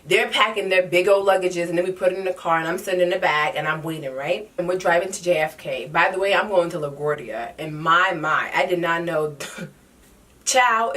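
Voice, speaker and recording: Young woman vlogger, dramatic and sassy storyteller, slightly low voice recorded a bit away from the mic. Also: brisk, few pauses, a bit bright, distant mic. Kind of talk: casual storytime vlog.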